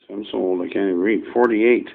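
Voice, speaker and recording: A man's voice: lowish voice, steady tone, fast, gravelly, narrow, tinny audio. A man ranting to camera in a rambling, folksy, profane way, as a vlogger airing his gripes.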